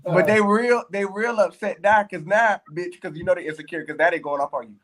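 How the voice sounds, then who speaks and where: Casting: high-pitched male co-host, sassy and playful. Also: brisk, hardly any pauses, fairly bright tone. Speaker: podcast co-host. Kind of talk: casual chat.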